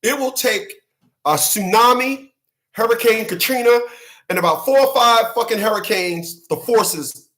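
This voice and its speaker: High-voiced man ranting profanely. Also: unhurried, a bit bright. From New York–New Jersey area. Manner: profane, emphatic, repetitive, frequent laughter. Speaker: channel host. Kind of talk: unscripted live-stream rant.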